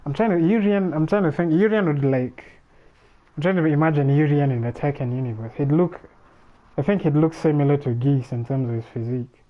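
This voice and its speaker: A man's voice: on the high side, a little fast, phone-quality sound. A man hosting a casual livestream alone, thinking aloud in a rambling way with frequent restarts. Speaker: livestream host. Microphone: streaming microphone.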